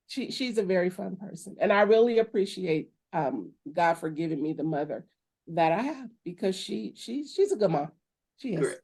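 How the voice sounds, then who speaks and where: A woman's voice: lowish voice, lively intonation, moderate pace, a little mellow, husky. Chatty woman minister in easy talk. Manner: chatty, loose, with restarts and short laughs. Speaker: minister and podcast co-host. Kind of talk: casual chat.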